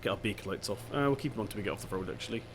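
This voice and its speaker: A man's voice: fairly low pitch, rapid-fire, noisy background. A young man with a Devon accent, chatting casually and thinking aloud while he plays a farming game. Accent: Devon English. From England (Devon). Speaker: gaming channel host. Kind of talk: casual gameplay commentary.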